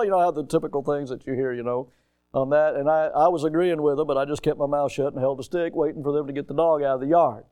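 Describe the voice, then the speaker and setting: A man preaching a sermon, telling stories with sudden loud rises and often repeating his words as he starts a thought. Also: on the high side, fairly even intonation, quick pace.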